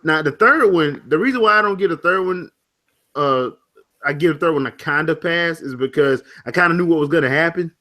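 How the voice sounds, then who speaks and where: A man's voice: on the high side, fairly quick, bright, forceful tone. A man co-hosting a gaming podcast, chatting casually, laughing often and rambling through restarts. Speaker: podcast co-host. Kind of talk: casual chat.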